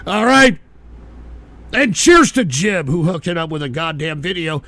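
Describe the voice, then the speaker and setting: A man hosting a radio show, shouting and cursing in a comedic, exasperated rant. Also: on the high side, sing-song, unhurried, creaky.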